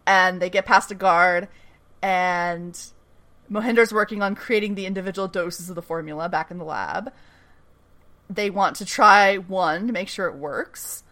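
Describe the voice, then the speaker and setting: A woman's voice: on the low side, unhurried. Woman animatedly recapping a show. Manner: animated storytelling, swears freely, laughs often. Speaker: podcast host recapping a TV episode. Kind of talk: casual chat.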